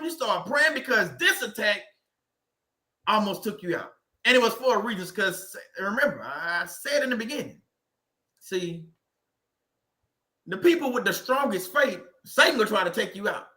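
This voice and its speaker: A man's voice: very high voice, sharp tone, echoey room. A man hosting a faith channel, preaching casually from a desk to a live chat, emphatic and repetitive, reading out viewer comments. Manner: emphatic, repeats phrases, reads out viewer comments. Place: indoor room at a desk.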